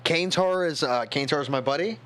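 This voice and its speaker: A man's voice: on the high side, quick pace, fairly bright tone, clear, resonant tone. A tipsy man streaming, rambling in casual chat and talking to his chat moderators.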